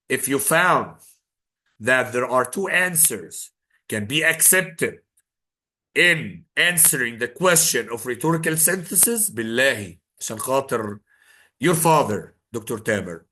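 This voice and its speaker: A male teacher runs an exam prep lesson in English. His tone is bright and forceful, and he slips Arabic phrases into his explanations. He repeats his key points to drive them home. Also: medium pitch, sing-song, unhurried. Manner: mixes Arabic phrases into English, emphatic repetition.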